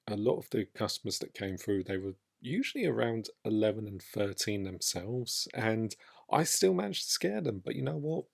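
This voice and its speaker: A man talks on his own podcast. He speaks casually and with enthusiasm, reflecting as he goes and wandering from point to point. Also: fairly low pitch. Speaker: podcast host.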